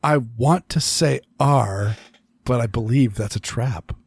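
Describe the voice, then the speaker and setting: A man's voice: mid-range voice, creaky, slightly rough, dry recording, studio quality. A man co-hosting a casual podcast chat, rambling with restarts and laughing often. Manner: rambling, self-interrupting, quick to laugh. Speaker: podcast co-host.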